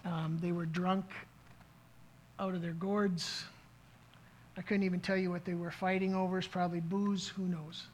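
A man's voice: high voice, flat delivery, moderate pace, long pauses, slight background noise, low-quality recording. A middle-aged man preaching a sermon as pastor, telling a story in an earnest way, with frequent restarts. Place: church service.

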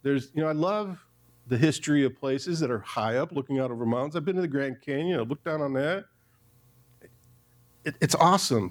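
A man's voice: on the high side, fairly quick. A man, a pastor, preaching a sermon in a church, talking conversationally and turning to the congregation with asides.

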